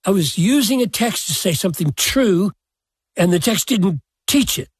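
An older man, a pastor, answering a question slowly and deliberately, with self-deprecating chuckles. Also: high-pitched, expressive, breathy edge, dry recording, studio quality. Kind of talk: reflective podcast answer.

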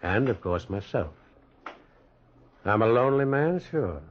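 A man's voice: lowish voice, unhurried. An actor playing a lonely man haunted by memories who narrates his own story in 1940s radio acting. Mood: brooding. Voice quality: husky, expressive storytelling. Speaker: narrator and lead character. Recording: dull lo-fi old radio recording.

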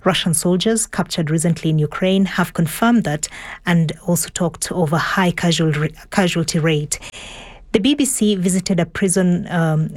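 A woman presenting a radio news show from the studio, steady and clear, with the odd small slip. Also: on the low side.

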